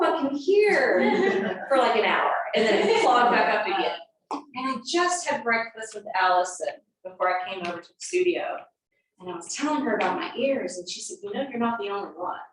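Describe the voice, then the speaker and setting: Middle-aged yoga teacher, echoey far-off room. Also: female voice, medium pitch. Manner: chatty, meandering, with frequent ums and uhs. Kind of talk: casual dharma talk before class. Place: large yoga studio. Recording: echoey studio from a distance, faint noise.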